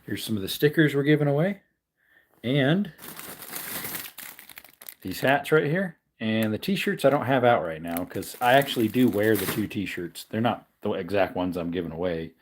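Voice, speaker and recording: A tired man hosts a casual livestream and talks loosely to his viewers. He rambles, stops, and corrects himself as he goes, with a yawning, low-energy manner. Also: normal speed, a little hiss or hum. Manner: rambling, self-correcting, relaxed. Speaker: livestream host.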